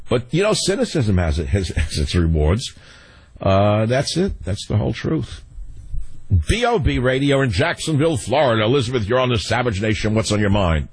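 A man's voice: medium pitch, big pitch swings, normal speed, husky, no room sound. An older man hosting a call-in radio talk show, blunt and sardonic, laughing often.

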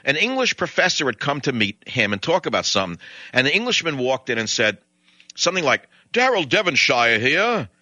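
Blunt older New York talk host. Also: male voice, mid-range voice, sing-song, a little fast, bright, forceful tone, no room sound. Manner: blunt, ranting, digressive. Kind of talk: opinionated talk radio monologue.

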